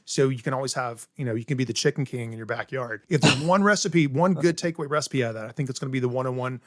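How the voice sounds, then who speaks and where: Middle-aged man, chef from South Carolina, eager explainer, casual interview talk, mid-pitched voice, dry close mic. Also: fast talker, fairly bright tone, no echo. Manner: enthusiastic, explains step by step with many "right?" tags. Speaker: chef guest.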